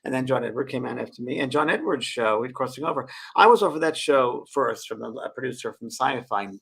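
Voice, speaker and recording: A middle-aged man tells a story in casual chat, his voice gravelly and a little husky. His pitch swings widely as he acts out the people he quotes, with frequent laughter. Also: expressive, fast talker, a bit bright. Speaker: medium and show co-host.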